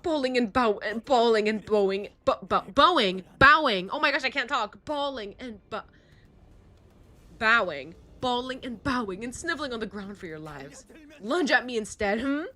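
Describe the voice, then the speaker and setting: A woman's voice: medium pitch, animated, moderate pace, fairly bright tone. A woman voicing a pompous masked vampire prince who speaks in grand, archaic phrases while reading game dialogue on a stream. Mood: menacing. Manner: archaic, grandiose speech with thee and thou.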